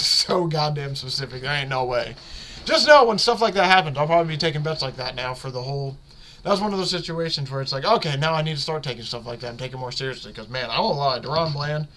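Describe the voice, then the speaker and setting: A man with a bright, forceful voice hosts a casual sports podcast. He rambles excitedly, stumbles over his words and corrects himself as he goes. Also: mid-range voice. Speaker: podcast host.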